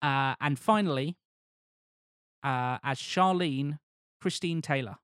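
A man's voice: a little high, slow, fairly bright tone, clean tone, no room sound, studio quality. A man co-hosting a casual podcast chat, presenting a cast list and reading a plot from notes in a laid-back way, swearing now and then. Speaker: podcast co-host presenting a film pitch.

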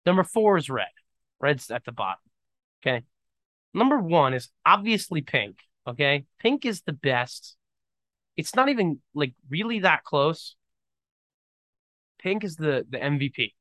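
A man's voice: a little high, sing-song, measured pace, pauses often, fairly bright tone, no room sound. Rambling young man, dry sound. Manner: rambling, emphatic, says "dude" a lot. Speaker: podcast host. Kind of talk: casual solo chat.

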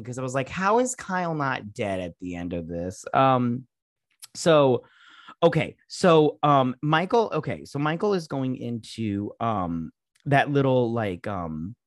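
Animated swearing man recapping a movie. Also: medium pitch, a little slow, no echo, clean studio sound. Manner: animated, swears often, acts out scenes in exaggerated voices; frequent laughter and filler words. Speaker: podcast co-host. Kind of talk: casual movie recap chat.

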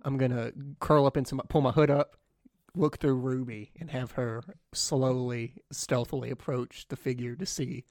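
A man at a tabletop game, talking through his character's moves with stops, restarts and 'like's. His voice sits at a middling pitch and sounds dry and close. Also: steady tone, normal speed, a little mellow, dry recording. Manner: hesitant, filler-heavy. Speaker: player. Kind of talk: casual tabletop game play.

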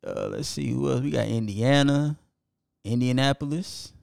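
A man's voice: mid-range voice, huge pitch swings, moderate pace, creaky, darkish tone, no room sound. A man co-hosting a podcast, casually reading out listener locations and apologizing when he stumbles over foreign names. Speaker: podcast co-host.

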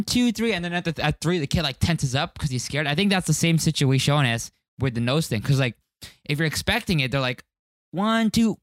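A young man talks loosely on a podcast at an ordinary pitch and explains with lots of fillers. The recording is dry and close. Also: a bit bright, no room sound. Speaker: podcast co-host keeping time. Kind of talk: casual chat.

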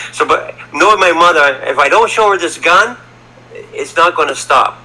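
A man's voice: a little high, big pitch swings, moderate pace, sharp tone, husky, low-quality recording. A middle-aged man telling a story as a podcast guest, rambling and repeating words, from Canada. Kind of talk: casual storytelling. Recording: faint background ambience.

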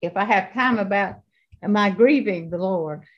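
A woman in her eighties giving an earnest faith testimony, halting often and repeating her words. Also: mid-range voice, dull audio. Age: 80s. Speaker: guest.

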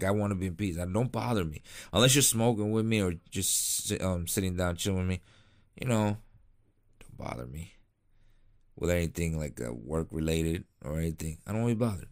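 A man with a very low, deep voice rambles casually about his cigar habits, circling back with fillers and restarts. He sounds tired and unhurried, like it is late at night. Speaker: cigar vlogger.

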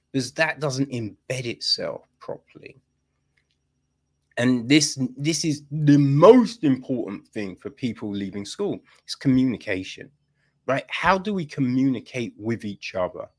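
A man holds forth on a podcast in loose, opinionated chat, his voice swooping up and down as he goes. He swears often and slips into quick acted-out exchanges to make his points. His voice sits at an ordinary middle pitch. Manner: animated, profane, acts out little dialogues. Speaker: podcast co-host.

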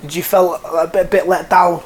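A man interviewing a guest, prompting with halting, restarting questions. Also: sits high, fairly even intonation, slight background noise. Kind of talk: casual interview.

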